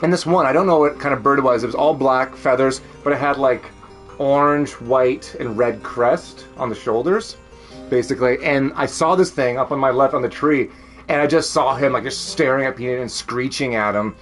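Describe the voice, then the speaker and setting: A man's voice: medium pitch, normal speed, soft background music. A man with a Canadian accent chatting casually at home on a stream, rambling, laughing often and swearing freely. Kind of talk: casual chat.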